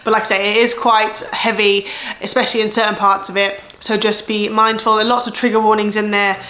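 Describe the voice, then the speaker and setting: A woman's voice: mid-range voice, level tone, a little fast, bright, forceful tone, roomy sound. A woman in her thirties with an English accent, chatting casually about her month of reading, rambling and correcting herself as she goes. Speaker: book vlogger. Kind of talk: casual chat.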